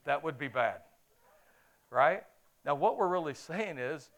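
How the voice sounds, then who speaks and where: A middle-aged man preaching a sermon in a lively, conversational way, often asking his listeners questions. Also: on the high side, measured pace. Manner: animated, conversational, asks the audience questions.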